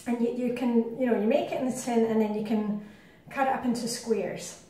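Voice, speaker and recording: A woman's voice: on the high side, steady tone, fairly quick, warm tone. A middle-aged woman with a Scottish accent, chatting her way through a home cooking demonstration with rambling asides. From Scotland. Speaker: cooking vlogger. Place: home kitchen. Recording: very echoey kitchen, distant mic.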